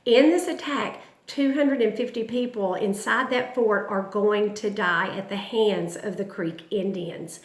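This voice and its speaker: A woman's voice: mid-range voice, measured pace, hardly any pauses, echoey room. A woman, teaching a history lesson in a dramatic, emphatic storytelling way.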